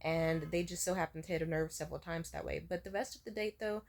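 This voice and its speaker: A woman's voice: lowish voice, fast talker, vocal fry, a little mellow. A young woman in her twenties telling a story to camera in a casual vlog, rambling and swearing freely. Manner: rambling, profane, exasperated storytelling. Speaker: vlogger.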